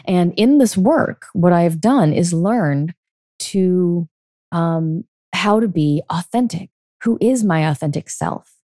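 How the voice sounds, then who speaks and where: Middle-aged woman, low warm voice, earnest podcast coach, dry close recording. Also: expressive, slow, no echo. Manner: earnest, coaching tone, frequent "okay?" check-ins. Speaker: podcast host and life coach. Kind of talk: solo podcast monologue.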